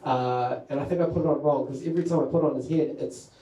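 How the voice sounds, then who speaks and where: A man's voice: mid-range voice, steady tone, fast talker, warm tone. A man, doing a rambling, self-mocking stand-up set about parenting. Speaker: stand-up comedian. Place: comedy venue with an audience. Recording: echoey room.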